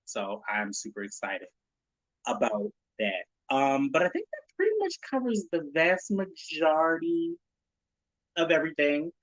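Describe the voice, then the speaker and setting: A man's voice: on the high side, big pitch swings, unhurried, dry recording, highs cut off. A man in his late thirties hosting his own podcast, talking casually and animatedly, swearing, laughing and acting out people's reactions. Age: 30s. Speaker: podcast host. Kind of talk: casual solo podcast talk.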